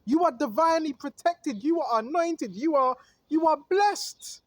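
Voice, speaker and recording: A man with an unusually high voice preaches outdoors. He reads scripture aloud, then riffs on it, calling out to his listeners and chuckling as he goes. The sound is dry and close. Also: expressive, normal speed, no room sound. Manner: calls out to listeners, chuckles often. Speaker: street preacher.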